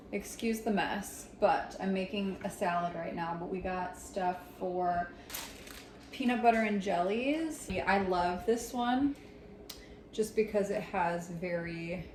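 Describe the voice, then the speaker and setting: A woman in her thirties, a mother vlogging from a vacation rental kitchen, talking casually and rambling a bit with fillers as she shows her groceries. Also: mid-range voice. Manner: chatty, loose and rambling with fillers. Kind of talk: casual chat, showing groceries. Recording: echoey kitchen with background noise.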